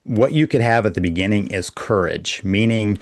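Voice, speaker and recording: A man who is a guest on a podcast, explaining his ideas in a measured way as a coach. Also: fairly low pitch, expressive, no echo, studio quality. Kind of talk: podcast interview.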